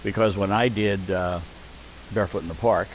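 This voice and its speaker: A longtime community theater actor, now older and a guest in an interview, recalls old times in a deep voice at normal speed. His stories come alive when he quotes people. The recording is rough, with a little hiss or hum.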